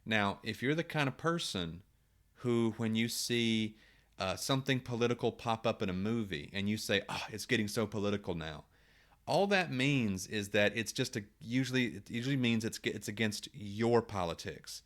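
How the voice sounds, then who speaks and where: A man's voice: fairly low pitch, lively intonation, moderate pace, fairly bright tone. A man, a writer, talking casually to camera, thinking aloud with rhetorical questions and frequent restarts.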